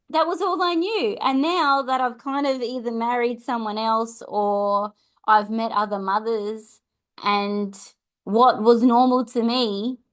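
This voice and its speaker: A middle-aged Australian woman hosting a parenting talk, chatty and earnest, often adding tag questions. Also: medium pitch. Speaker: podcast host and parenting coach. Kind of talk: casual advice talk.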